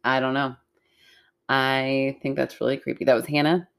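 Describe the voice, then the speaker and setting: Woman, low pitch, podcast co-host, casual storytelling, playful, chatty. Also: little pitch movement, normal speed, vocal fry, smooth. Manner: chatty and playful, with frequent laughs.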